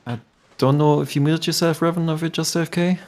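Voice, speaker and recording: A man doing relaxed, chatty live commentary on a game tournament, greeting viewers in chat. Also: on the high side, quick pace.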